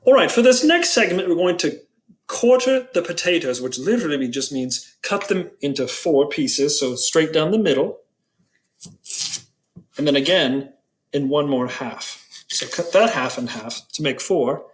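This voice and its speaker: A man's voice: fairly high pitch, expressive, a little slow. A man, a school choir director, demonstrating a recipe in a kitchen, talking playfully and hamming up a mock British accent. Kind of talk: casual cooking demonstration.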